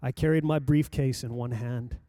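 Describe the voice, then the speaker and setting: An older man preaching, telling a personal story in a lively anecdotal way with acted-out quotes. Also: mid-range voice, moderate pace, no echo, studio quality. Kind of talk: sermon storytelling.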